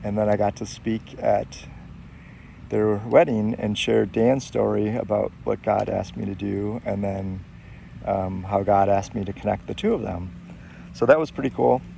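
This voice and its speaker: A man telling a personal story in casual speech, halting and reflective, with frequent pauses. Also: on the low side, fairly even intonation, vocal fry, mellow, slight background noise. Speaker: storyteller sharing personal faith experiences.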